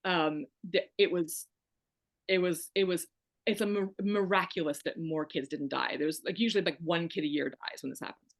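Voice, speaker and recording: A woman speaks as a podcast guest, candid and emphatic, with a dry wry edge. Her voice sits fairly low for a woman. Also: moderate pace. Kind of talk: candid personal storytelling.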